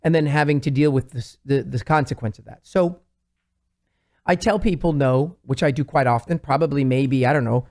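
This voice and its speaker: A man, a plastic surgeon, chatting on a talk show and telling patient stories in an animated way, acting out what his patients said. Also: medium pitch, moderate pace. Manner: animated storyteller, quotes patients in lively voices. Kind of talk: casual talk-show conversation.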